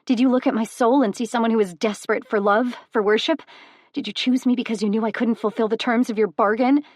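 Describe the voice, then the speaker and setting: A woman voicing a proud young goddess who speaks in a forceful, accusing way. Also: medium pitch, steady tone, moderate pace, creaky, husky, no echo, studio quality. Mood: angry.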